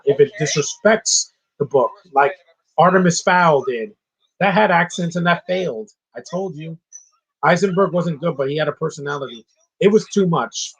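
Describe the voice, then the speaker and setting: A man's voice: a little high, husky, rough recording. A man giving casual live commentary on a movie, opinionated and ranting about what he dislikes. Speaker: film commentator.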